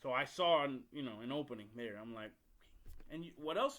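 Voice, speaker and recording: A man's voice: mid-range voice, lively intonation, fairly quick, fairly bright tone. A man hosting a podcast, telling a story in a blunt, profane, rambling way with frequent restarts. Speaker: podcast host. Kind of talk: casual storytelling monologue.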